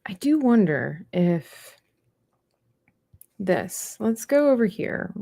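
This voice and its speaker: A woman's voice: mid-range voice, big pitch swings, takes it slowly, gravelly, dark tone, no room sound, clean studio sound. A woman chatting casually as she paints on a livestream, rambling and trailing off mid-thought. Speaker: livestreaming artist. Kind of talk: casual chat while painting.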